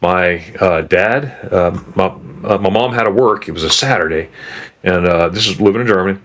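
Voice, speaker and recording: A man's voice: deep voice, moderate pace, fairly bright tone. A man in his fifties from the United States, hosting a travel channel and telling stories in a rambling, casual way with many restarts and asides. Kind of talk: casual chat.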